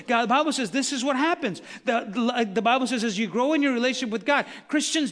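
A male pastor preaching a sermon, swinging from quiet asides to shouted emphasis, with recurring "watch this" refrains. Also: very high voice, big-room sound. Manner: frequent "watch this" and "the Bible says" refrains.

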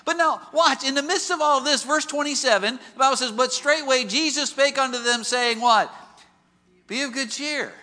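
A male pastor preaching a sermon in an auditorium, telling stories with lively rhetorical questions. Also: very high-pitched, normal speed, hardly any pauses, in a large hall. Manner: animated storytelling with rhetorical questions. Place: large auditorium.

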